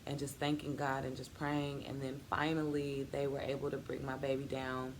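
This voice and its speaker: A woman's voice: extremely low pitch, completely flat delivery, normal speed, a little hiss or hum. A woman in her thirties sharing a personal testimony in a vlog, earnest and faith-filled, acting out the people in her story as she tells it. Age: 30s. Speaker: vlogger.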